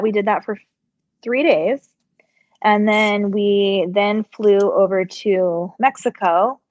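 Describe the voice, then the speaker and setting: A woman's voice: mid-range voice, no room sound. Woman host, middle-aged, rambling casual chat, slightly congested, dry and dull-sounding mic. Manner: chatty and rambling, answers viewer questions. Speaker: sewing channel host. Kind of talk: casual live-stream chat while working.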